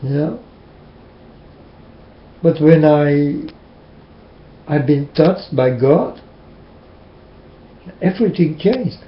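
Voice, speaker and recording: A man from the Netherlands with a Dutch accent, preaching casually in an earnest, halting way and asking the same questions again and again. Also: a little high, animated, reverberant, muffled recording. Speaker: religious vlogger.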